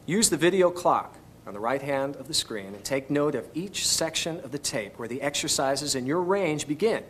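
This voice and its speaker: A man's voice: a little high, animated, normal speed, slight background noise. A man teaching singing on an instructional video, patiently coaching each step. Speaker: vocal instructor.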